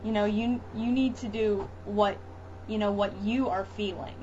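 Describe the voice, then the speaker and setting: A woman's voice: mid-range voice, fairly even intonation, normal speed, darkish tone. Woman guest sharing a birth story in a loose, chatty way. Dull audio, faint hiss. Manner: chatty, many fillers and restarts. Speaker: interview guest, mother. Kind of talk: casual chat, birth story.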